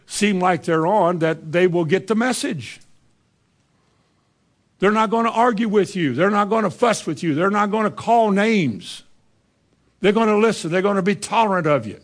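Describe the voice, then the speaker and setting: A man, preaching a sermon in a folksy, conversational way and reading scripture aloud. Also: sits high.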